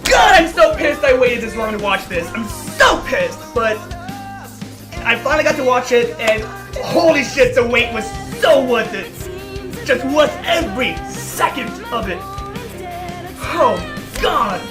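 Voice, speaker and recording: A man giving excited, breathless reaction commentary on a show, gushing and swearing with stammered restarts. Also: very high voice, measured pace. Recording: roomy room, faint music behind.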